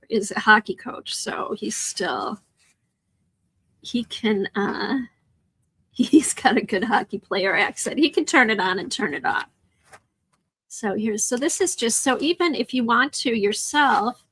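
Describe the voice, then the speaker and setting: A middle-aged woman from Chicago with an American Midwest accent hosts a live art stream, chatting casually with viewers and answering their comments as she crafts. Her voice sits on the high side, fairly bright and slightly rough. The recording is rough.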